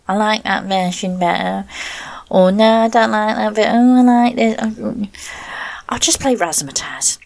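A woman, hosting an online radio show in a rambling, playful chat. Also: medium pitch.

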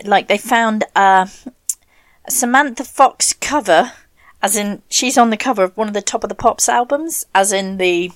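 A woman with a medium-pitched voice and moderate pace hosts a casual radio show from home, recorded dry and close-miked in a bathroom. She rambles and pokes fun at herself with laughs and whispered asides, often knocking her desk mic.

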